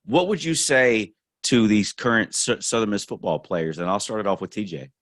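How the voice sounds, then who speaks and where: A man's voice: on the low side, moderate pace, a bit bright, no room sound, studio quality. A man hosting a roundtable, handing the floor to guests with brief questions. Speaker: host.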